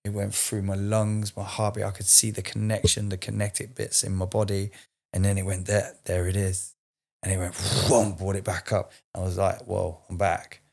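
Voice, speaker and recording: A man's voice: deep voice, little pitch movement, normal speed, creaky, darkish tone. A man in his forties telling a raw, emotional personal story in a candid conversation, swearing freely. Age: 40s.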